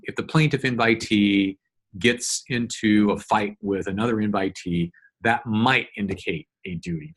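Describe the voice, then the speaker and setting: In a solo screen-recorded law lecture, a male instructor with a middle-pitched, slightly bright voice goes through a document line by line. He explains patiently and evenly, frequently pausing on fillers and restarting sentences as he thinks.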